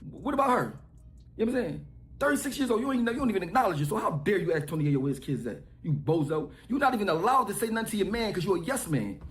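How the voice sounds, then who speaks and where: A man's voice: sits high, animated, fast talker, reverberant. A man ranting and taunting someone in a mocking way. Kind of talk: trash talk rant.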